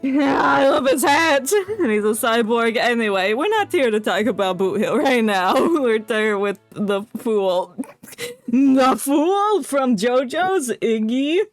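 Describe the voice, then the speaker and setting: A woman's voice: fairly high pitch, expressive, slow, no room sound, soft background music. A woman streamer chatting through a story game playthrough, giggly, scatterbrained and self-deprecating. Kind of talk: casual game playthrough chat.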